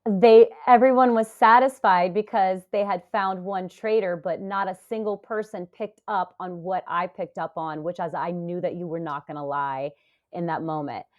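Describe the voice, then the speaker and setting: A woman in her forties, a podcast guest, talking casually and telling stories with lively acted-out quotes. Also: on the low side, moderate pace. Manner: animated storytelling, acts out quoted voices. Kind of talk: casual interview talk.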